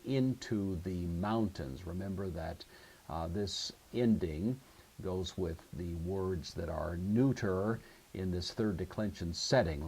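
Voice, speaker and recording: A man's voice: sits low, darkish tone, slight background noise. A man teaching a grammar lesson, working through exercises methodically and explaining each form step by step. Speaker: Greek teacher.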